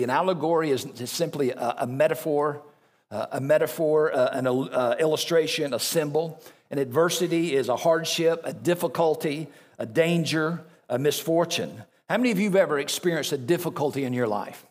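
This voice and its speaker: A man's voice: fairly high pitch, a little fast. A man preaching a sermon as pastor, reading scripture aloud and breaking off into conversational asides to the congregation.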